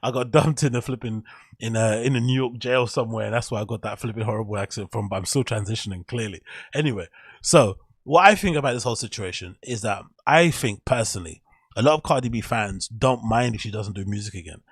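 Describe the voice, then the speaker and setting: A man's voice: on the low side, quick pace, breathy edge, dry recording. Man rambling on his opinions. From England. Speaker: show host. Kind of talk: solo podcast commentary.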